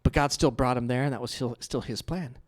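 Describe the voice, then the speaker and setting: Preaching with a chatty, lively manner, a middle-aged pastor plays around with his congregation during the sermon. He speaks briskly at a medium pitch.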